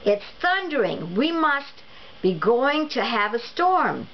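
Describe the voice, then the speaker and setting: A woman voicing an irritable middle-aged husband whose hearing has become painfully sharp, loud and complaining, in a storybook read-aloud. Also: a little high, big pitch swings, slow pace, exaggerated voice. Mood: alarmed. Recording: dull lo-fi recording with faint noise.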